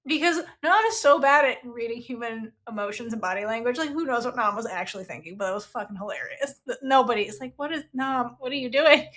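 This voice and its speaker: Woman podcast host gushing about a book, kinda high voice, lots of "like" and "okay?". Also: fast talker, hardly any pauses. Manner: animated, frequent "like" and "okay?". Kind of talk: casual book review chat.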